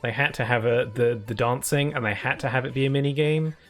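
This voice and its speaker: A man's voice: mid-range voice, a little fast, faint music behind. British male game streamer with a mid-range voice and an easy, chatty, laugh-prone delivery. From United Kingdom. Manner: chatty, laughs often, reads chat and on-screen text aloud. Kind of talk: casual gameplay chat.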